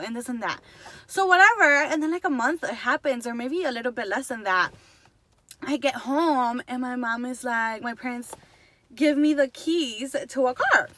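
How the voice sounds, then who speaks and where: A young woman in her twenties telling a story to the camera, chatty and fast, slipping between Spanish and English. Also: fairly high pitch, expressive, a bit bright, no room sound. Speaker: vlogger.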